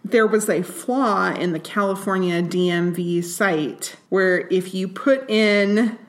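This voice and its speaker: Speaking slowly in a mid-range voice, this woman co-hosts a podcast and shares research in a relaxed, chatty way. She laughs as she walks through the facts.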